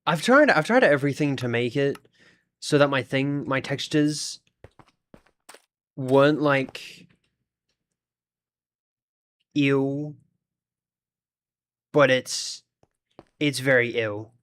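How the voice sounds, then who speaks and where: A man's voice: mid-range voice, expressive, slow, pauses often, fairly bright tone. An Australian man chatting casually on a live stream, thinking aloud and talking to his viewers as he sorts out his game. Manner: chatty, thinks aloud, talks to chat while fiddling with the game.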